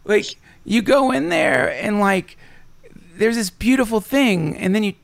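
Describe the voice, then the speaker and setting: Guy rambling on a podcast, lots of swearing, pitch jumping all over, kinda gravelly. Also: measured pace, no room sound. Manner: animated, swearing, voices his own thoughts with big swings in pitch. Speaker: guest. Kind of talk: casual podcast conversation.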